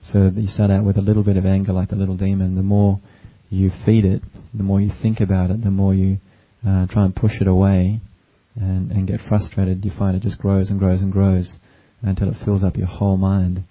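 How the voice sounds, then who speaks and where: A man giving a gentle, unhurried dharma talk as a meditation teacher, with frequent ums and uhs. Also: sits low, completely flat delivery. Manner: gentle, unhurried, with many fillers. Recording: dull lo-fi recording.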